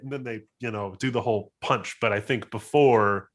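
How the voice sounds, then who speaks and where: A man playing a tabletop role-playing game, telling what his character does in an animated way. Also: lowish voice. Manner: animated, jumps into quick character voices. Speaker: player.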